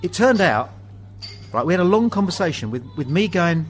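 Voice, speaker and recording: Poor audio and faint background music accompany a high-voiced English man who hosts a pub podcast. Briskly and with animation, he tells funny anecdotes and performs the dialogue in them, pub-chat storytelling style.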